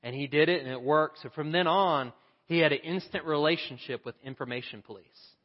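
A man's voice: on the high side, fairly quick, dull audio. Man preaching in an echoing hall. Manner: animated, acts out the voices in his story. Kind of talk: sermon storytelling.

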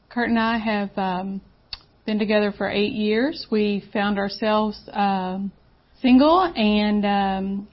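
A woman in her sixties speaking as a church guest, pausing often with ums. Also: medium pitch. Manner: hesitant, many ums. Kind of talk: casual interview. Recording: slightly muffled recording.

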